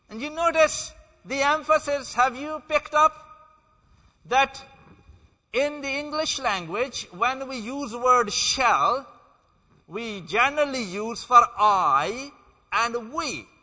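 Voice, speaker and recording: A man preaching a sermon in a church, slow and deliberate, stressing key words with emphasis. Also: very high-pitched, animated, pushed and bright, in a large hall.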